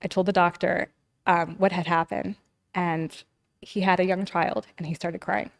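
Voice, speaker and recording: A woman's voice: fairly low pitch, flat delivery, a little slow, creaky. A woman as a podcast guest, earnestly telling a personal story in casual speech packed with "like" and "you know.". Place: living in Los Angeles.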